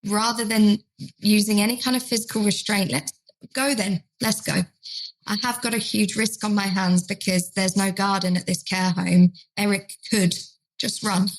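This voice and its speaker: Casting: woman, trainer type, storyteller who voices the quotes, mid-pitched. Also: flat delivery, moderate pace, poor audio. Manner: acts out carers' and residents' lines in quoted voices. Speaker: dementia trainer. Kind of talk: podcast conversation, storytelling.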